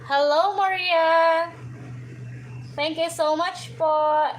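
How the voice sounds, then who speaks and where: A woman's voice: very high voice, fairly even intonation, extremely slow, a little hiss or hum, poor audio. A woman with a Filipino accent, chatting during a livestream vlog, coaxing her pet bird and thanking viewers in a playful way. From Philippines. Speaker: vlogger hosting a livestream. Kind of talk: casual live chat.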